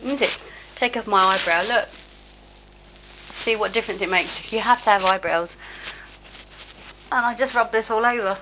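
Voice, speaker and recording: A woman's voice: medium pitch, unhurried, pauses often, noisy background. A woman in her fifties chatting casually through her bedtime skincare routine, self-deprecating and laughing at herself. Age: 50s. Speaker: beauty vlogger. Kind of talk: casual skincare tutorial chat. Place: home, at a sink. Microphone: camera close up.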